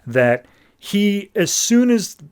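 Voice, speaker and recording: A man hosting a podcast, casually retelling a comic book plot, leaning on "like" and dropping into quick mock voices for the characters. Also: high voice, very animated, darkish tone, clear, resonant tone. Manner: chatty storytelling, heavy use of "like", slips into quick mock voices for characters. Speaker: podcast host.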